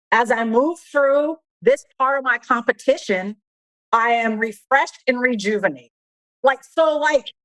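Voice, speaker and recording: A woman's voice: on the high side, a bit bright, low-quality recording. A woman who coaches athletes on mental performance, talking on a podcast in an upbeat, encouraging way. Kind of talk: casual podcast conversation.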